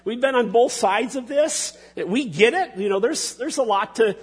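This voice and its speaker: A man preaching a sermon as pastor, halting and restarting often, with folksy asides to the congregation. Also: very high voice, lively intonation, husky, in a large hall.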